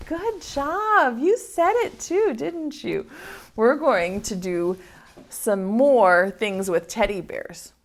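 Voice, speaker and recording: A woman leads preschool circle time, her voice lively and swooping up and down as she sings and reads with little ones. She talks slowly and patiently, coaxing children to join in. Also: fairly high pitch. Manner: slow, sing-song, encouraging talk to small children. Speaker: preschool teacher.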